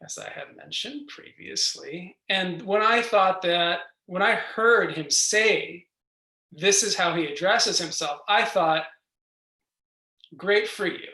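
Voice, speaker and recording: Gentle, slow meditation teacher in echoey room. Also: mid-range voice. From New York. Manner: gentle, reflective, unhurried, with soft laughs. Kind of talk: guided meditation talk. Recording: roomy echo.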